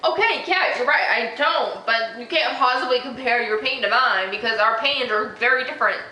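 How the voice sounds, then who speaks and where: A woman's voice: a little high, moderate pace, pushed and bright. A young woman telling a story on her vlog, worked up and emotional as she retells an argument. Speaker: vlogger. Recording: echoey room with faint noise.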